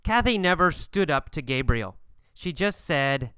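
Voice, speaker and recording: Male English teacher, bright and crisp, slightly higher pitched, deliberate and repetitive. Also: animated, no room sound, clean studio sound. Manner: slow, emphatic, repeats phrases for learners. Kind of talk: scripted language lesson.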